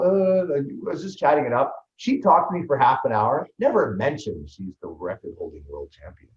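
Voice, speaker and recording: A man, a guest on an interview show, telling his story in a lively, fast way with many restarts. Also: mid-range voice. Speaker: guest, ultraman athlete and trainer. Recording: roomy, slightly dull sound.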